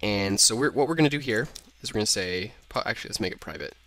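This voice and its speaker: Typing can be heard as a young man talks casually through code for a screen-recorded tutorial, reasoning out loud and catching his own mistakes. His voice sits fairly low yet sounds fairly bright, and he speaks quickly and with animation.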